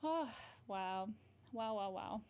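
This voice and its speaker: Giggling frequently, a therapist answers her viewers' comments during a relaxed livestream, her manner bubbly and chatty. She has a medium-pitched, slightly mellow voice with lively intonation and a slow pace.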